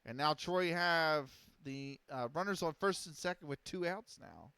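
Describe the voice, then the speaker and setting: A man streaming casual play-by-play of a simulated baseball game, measured and steady, often pausing on fillers and correcting himself. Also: fairly high pitch, gravelly, clear, resonant tone, dry recording.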